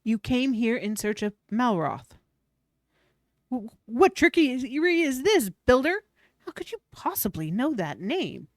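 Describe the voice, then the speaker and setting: A woman's voice: mid-range voice, sing-song, normal speed, darkish tone, no room sound, studio quality, voice pushed down. A woman voicing a pompous cult priestess. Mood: indignant. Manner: pompous, theatrical proclamations. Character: fanatical female cult priestess, grandiose. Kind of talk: reading game dialogue aloud on stream.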